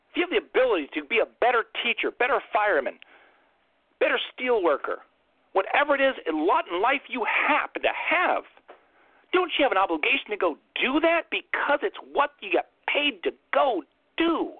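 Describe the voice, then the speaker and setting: A man's voice: high voice, very animated, moderate pace, husky, no echo. A man hosting an impassioned political monologue, ranting fiercely and firing off rhetorical questions, over a tinny phone-like line. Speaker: host.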